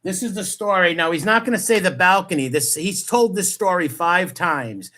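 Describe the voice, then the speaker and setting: A man's voice: high voice, lively intonation, normal speed, pushed and bright. Scornful profane man. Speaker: commentator reacting to a clip. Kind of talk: angry reaction commentary.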